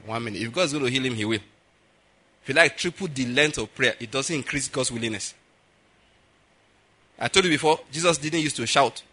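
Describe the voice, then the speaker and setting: A man preaching a sermon in an animated way, acting out voices and laughing at his own jokes. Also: medium pitch, fairly quick, long pauses, breathy edge.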